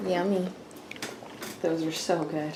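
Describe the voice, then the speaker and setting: A woman's voice: on the low side, little pitch movement, slow, noisy background. A young woman chatting casually through her daily vlog in her home kitchen, rambling and laughing often. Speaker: vlogger.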